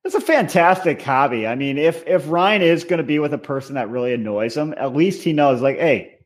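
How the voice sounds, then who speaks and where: A man's voice: a little high, animated, brisk. A man co-hosting a podcast, chatting casually about reality TV and telling stories from his own life with frequent laughs. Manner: storytelling, laughs often. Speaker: podcast co-host. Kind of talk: casual chat recapping reality TV.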